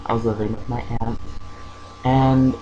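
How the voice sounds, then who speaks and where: A young man speaking casually into his camera at home, telling a personal story with many pauses, fillers and restarts. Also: mid-range voice, level tone, muffled recording, noisy background. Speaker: vlogger.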